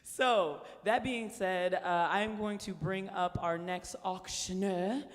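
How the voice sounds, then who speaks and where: A high-pitched man hosting a live telethon, playful and sarcastic, pressing his points hard. His voice echoes with a long hall reverb. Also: fairly even intonation, slow pace. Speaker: telethon host.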